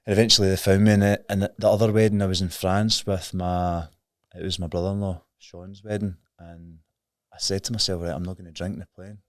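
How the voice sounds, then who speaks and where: Deep-voiced Scottish man, frank and earnest. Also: flat delivery, fast talker, no echo, studio quality. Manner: earnest, frank, plain-spoken storytelling. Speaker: podcast guest. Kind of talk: candid recovery story in conversation.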